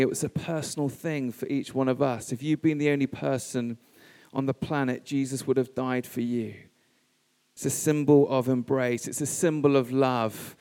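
A man preaching a sermon, speaking in measured, emphatic phrases with pauses. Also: mid-range voice, gravelly, warm tone. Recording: reverberant church hall.

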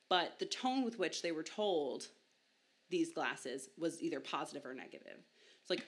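Podcast host: young woman, low pitch, casual and self-mocking, laughs easily. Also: animated, normal speed. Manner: chatty, self-deprecating, laughs often. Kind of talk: casual science podcast talk.

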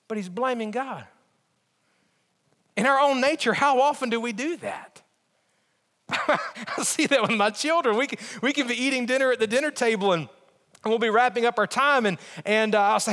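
Pastor, middle-aged man, fairly high voice, emphatic sermon delivery, long church reverb. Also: a bit bright. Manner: earnest, emphatic preaching with pauses and repeated phrases.

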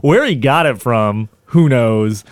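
A man's voice: medium pitch, expressive, takes it slowly, clear, resonant tone, dry recording, clean studio sound. A man casually recapping a film in a podcast chat, rambling with lots of fillers.

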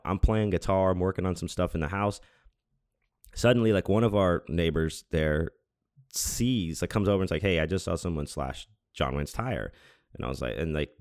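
A man with a very low, deep voice tells a long personal story in a loose, rambling way. He keeps restarting his sentences, leans on fillers, and swears casually. The recording is close and dry. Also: a little mellow, dry recording. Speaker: podcast host.

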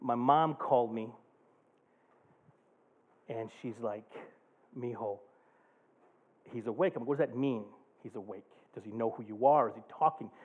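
A man's voice: medium pitch, normal speed, pauses often, slightly rough. Tinny-sounding passionate male preacher. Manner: quiet and subdued telling a personal story, rising to loud passionate preaching. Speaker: pastor. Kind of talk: sermon.

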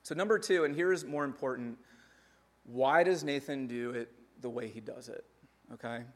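A young adult man, a pastor, gives a conversational sermon built on numbered points with lively asides. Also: mid-range voice, moderate pace.

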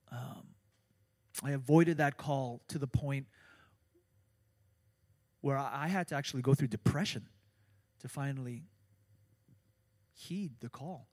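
A middle-aged man preaching a sermon as pastor, swinging from soft, low asides to loud, urgent emphasis. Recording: long hall reverb.

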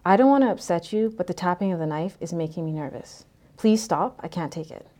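A frightened mother begs for her children's safety, her voice shaking as she pleads, voiced by a woman reading the story. The tone is mellow and fairly low. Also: fairly quick, natural voice. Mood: shaky. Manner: shaky, pleading.

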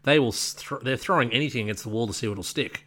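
A man, co-hosting a casual political chat in a measured, plain-spoken way. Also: medium pitch, pushed and bright. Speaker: podcast co-host.

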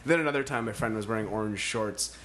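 A man's voice: fairly low pitch, fast, a bit bright, a little hiss or hum. A man co-hosting a comedy podcast, telling crude stories from his small-town youth and laughing through them, with plenty of swearing. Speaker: podcast co-host. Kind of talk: casual comedic chat.

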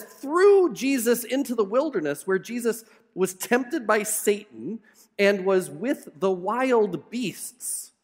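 A male pastor preaching a sermon with animated, dramatic storytelling and humor. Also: high-pitched, long reverb tail.

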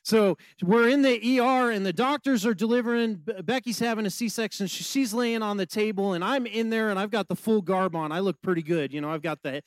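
A middle-aged man, a pastor, preaching a sermon and telling a personal story in an animated, conversational way with many fillers. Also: high voice, fairly quick, hardly any pauses, no room sound, low-quality recording.

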